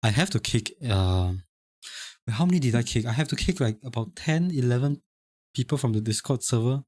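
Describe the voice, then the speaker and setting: A man's voice: mid-range voice, lively intonation, fairly quick, darkish tone, dry recording, clean studio sound. Chatty young man, Singaporean English accent. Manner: chatty, rambling, many restarts and stammered repeats. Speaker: streamer. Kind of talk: casual live-stream chat, reading chat aloud.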